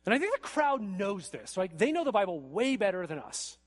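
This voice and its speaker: A man preaching a sermon in an animated way, building to emphatic peaks and often checking in with "right?". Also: high voice, brisk.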